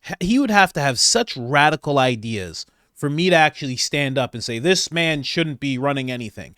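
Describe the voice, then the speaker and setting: A man hosting comedic political commentary, animated and laughing, jumping between loud exclamations and mumbled asides. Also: medium pitch, no room sound, clean studio sound. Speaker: commentary channel host.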